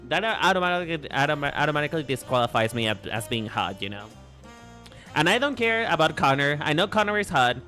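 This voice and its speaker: A man's voice: on the high side, very animated, fast talker, sharp tone, faint music behind. A man chatting casually to his viewers while livestreaming a game, playful and teasing, often repeating and restarting his words. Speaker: VTuber streamer.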